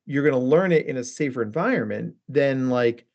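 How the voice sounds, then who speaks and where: Animated man on a lo-fi line. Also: medium pitch, brisk. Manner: animated, acts out quoted lines with shifting inflection. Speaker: guest therapist. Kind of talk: casual podcast conversation. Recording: dull lo-fi sound.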